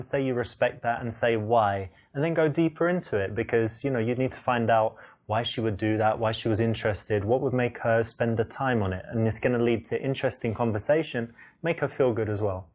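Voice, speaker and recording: A man's voice: medium pitch, a little fast, a little mellow, lightly acted. A man playing a dating coach who breaks his advice down step by step in a mid-range male voice. The tone stays instructive and explanatory throughout. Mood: advising. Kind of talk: scripted game narration.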